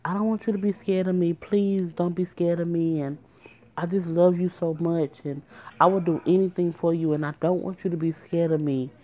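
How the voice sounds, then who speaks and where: A clingy older man, a stalker, pleads in a soft, hushed voice, as a woman puts him on while telling her story. His tone is low. The recording is muffled and lo-fi. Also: fairly even intonation, moderate pace, close to an everyday voice. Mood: pleading.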